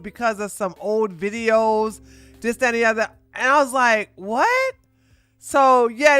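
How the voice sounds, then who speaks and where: A woman's voice: medium pitch, smooth, no echo. A woman co-hosting a casual live-stream chat, blunt and dismissive in her remarks. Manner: blunt, flat dismissals, laughs along. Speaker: co-host.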